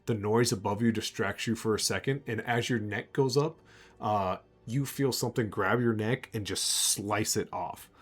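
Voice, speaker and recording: A man's voice: fairly low pitch, moderate pace, slightly rough. A man narrating as game master of a tabletop game, loose and full of fillers, chuckling often.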